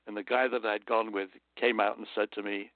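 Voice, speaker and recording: A man's voice: fairly low pitch, flat delivery, a little fast, dry recording. A man from London with a British accent, a guest telling stories in an interview, an earnest raconteur who slips into motivational asides. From London, England. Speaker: guest storyteller. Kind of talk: anecdotal interview storytelling. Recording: dry, tinny phone line.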